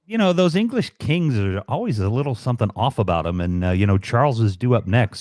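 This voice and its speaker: A man's voice: medium pitch, lively intonation, fairly quick, hardly any pauses, a little mellow, dry recording. Male stream guest, rambling and jokey, dry sound. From United States. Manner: rambling, jokey, many fillers. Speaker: livestream guest, fellow broadcaster. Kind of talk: casual chat.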